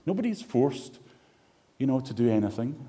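A man's voice: mid-range voice, very animated, normal speed, mellow. A middle-aged man preaching a sermon, telling a personal story with emotion and rising to passionate emphasis. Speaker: pastor.

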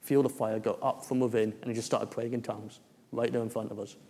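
A man's voice: mid-range voice, steady tone, fast talker, warm tone. A man, preaching a testimony story in a church hall with many fillers and restarts. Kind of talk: sermon testimony.

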